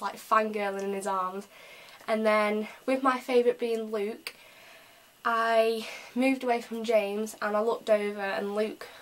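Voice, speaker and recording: Young female vlogger from England, chatty and excitable, narrow melody. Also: medium pitch. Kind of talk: casual storytelling vlog.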